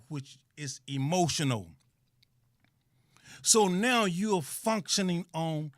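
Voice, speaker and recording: High-voiced, preachy man hosting talk radio. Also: fairly bright tone, no room sound. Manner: emphatic, preachy, repeats phrases for stress. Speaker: talk show host. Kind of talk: live online radio talk monologue.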